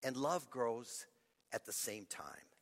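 A male pastor preaching a sermon, earnest, repeating his phrases and swinging from loud to hushed. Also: mid-range voice, big pitch swings, takes it slowly. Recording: long reverb of a large hall.

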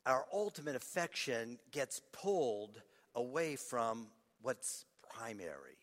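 Earnest pastor in an echoing hall. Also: male voice, mid-range voice, very animated, slow. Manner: earnest, repeats phrases, sweeps from loud to hushed. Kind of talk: sermon. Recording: long reverb of a large hall.

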